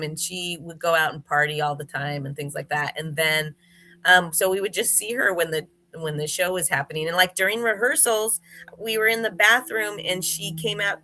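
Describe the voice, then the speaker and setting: Interview guest, woman, chatty anecdote-teller, bright forceful voice. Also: on the low side, slight background noise. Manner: chatty storyteller, many fillers and restarts. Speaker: interview guest, former gymnast. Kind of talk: casual interview chat.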